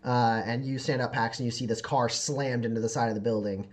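Rambling game master, full of fillers. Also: male voice, medium pitch, fairly even intonation, a little fast. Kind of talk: narrating a tabletop game.

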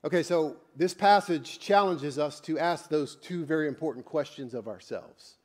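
A man's voice: a little high, normal speed, a little mellow. A man preaching as a pastor in a church, conversational and joking, with blunt asides to the congregation. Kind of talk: sermon.

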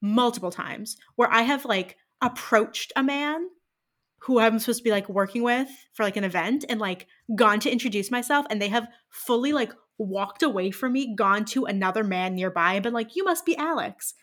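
A young woman co-hosting a podcast, telling stories in a casual, animated way and filling her talk with "like". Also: a little high, moderate pace. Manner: animated storytelling, lots of "like". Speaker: podcast co-host. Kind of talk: casual chat.

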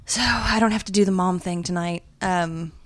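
A woman's voice: on the low side, normal speed, dry recording. A young adult woman hosting a podcast, chatting crudely and joking, often laughing. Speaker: podcast host. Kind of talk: casual chat.

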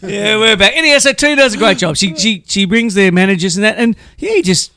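A high-pitched Australian man chatting on radio, rambling and laughing between stories. His voice is close and dry, with no room sound. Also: quick pace, bright, forceful tone, dry recording. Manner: rambling, laughs often, repeats himself. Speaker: radio host. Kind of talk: casual banter.

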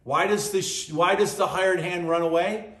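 A man's voice: sits high, steady tone, normal speed, a bit bright. A man preaching a sermon, stressing his points by repeating phrases. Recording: echoey room with faint music.

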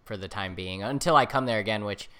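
A young woman co-hosting a podcast in casual chat, animated and swearing freely. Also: extremely low pitch, fast. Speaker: podcast co-host.

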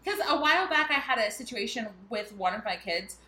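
A woman's voice: fairly high pitch, lively intonation, brisk, sharp tone, reverberant, low-quality recording. A woman in her thirties co-hosting a podcast, chatting casually and telling family stories with frequent laughter. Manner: chatty storyteller, laughs often. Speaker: podcast co-host. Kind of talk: casual chat.

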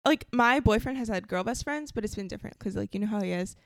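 A young woman co-hosting a podcast, chatting casually and teasing, often trailing off quietly. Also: medium pitch, fast, creaky, no echo, clean studio sound. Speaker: podcast co-host. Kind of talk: casual chat.

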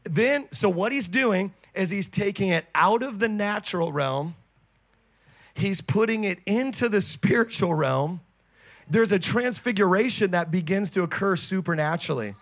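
A man with a notably high voice delivers a sermon as a pastor. He is fervent and bursts into shouts on his biggest claims, then slips into quick, conversational asides. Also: expressive. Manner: fervent, swings between loud exclamations and quick asides.

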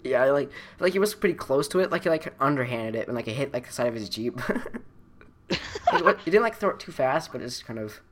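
A man's voice: medium pitch, expressive, fast talker, a little hiss or hum. A young man telling stories in a casual chat, rambling and laughing, with many fillers and restarts. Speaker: storyteller.

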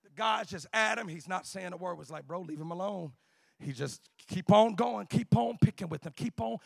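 A male preacher, delivering a sermon in a chanted, shouting cadence with an "uh" before each phrase, at times dropping to quiet storytelling. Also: high voice, normal speed, vocal fry, no echo.

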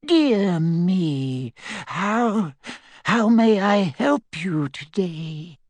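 A reader voicing a nervous old goblin bank clerk, halting and timidly polite in an audiobook-style reading. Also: mid-range voice, big pitch swings, darkish tone, dry recording, voice pushed up.

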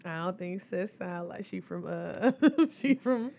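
A woman's voice: fairly low pitch, expressive, a little slow, creaky, mellow, highs cut off. A woman hosting a podcast in casual chat, teasing her guest, cursing freely and laughing often. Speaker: podcast host.

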